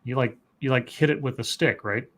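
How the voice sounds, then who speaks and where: A man's voice: medium pitch, fairly quick. A man co-hosting a casual livestream, reading news stories aloud and rambling on with chatty asides and fillers.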